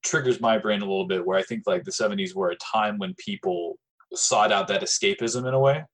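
A man's voice: fairly low pitch, a little fast, a bit bright. A man moderating a casual group discussion, asking curious follow-up questions.

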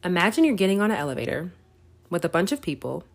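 A woman's voice: on the low side, sing-song, quick pace. A woman tells a faith story on her podcast. She talks casually to her listeners, checks in with them as she goes, and laughs easily. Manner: conversational, storytelling, laughs often, says "right?" a lot. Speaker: podcast host.

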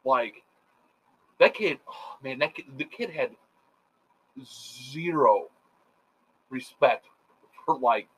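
A middle-aged man telling rambling, profane stories in a casual chat, animated and full of quoted voices. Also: medium pitch, slow, pauses often, husky. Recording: dull lo-fi sound.

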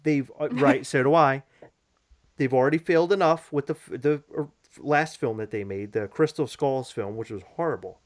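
A man's voice: mid-range voice, moderate pace, dry recording. Opinionated man on a dry mic. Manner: opinionated, argues his point at length. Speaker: podcast co-host. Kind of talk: casual chat.

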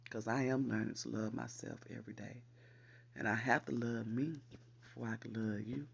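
A man hosting a podcast, reciting affirmations and repeating them slowly for emphasis in an encouraging way. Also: mid-range voice, steady tone, creaky, husky, dull audio. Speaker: podcast host. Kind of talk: spoken affirmations.

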